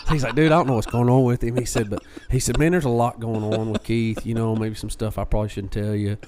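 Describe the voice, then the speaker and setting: A man co-hosting a podcast, casually retelling a story and acting out what others said in lively quoted voices. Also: medium pitch, fast talker, a crowd in the background. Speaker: podcast co-host.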